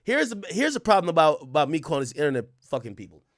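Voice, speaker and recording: A man hosting a livestream, telling a story in casual slang, animated and sometimes loud. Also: fairly high pitch, quick pace, no echo, clean studio sound. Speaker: streamer host.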